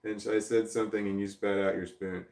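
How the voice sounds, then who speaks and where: Guy rambling on his livestream, laughs at himself, kinda low voice, sounds far off in a roomy space. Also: flat delivery, brisk, darkish tone. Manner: rambling, self-deprecating, reads chat aloud. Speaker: livestream host. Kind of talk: casual livestream chat. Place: indoor room, seated in a creaky chair.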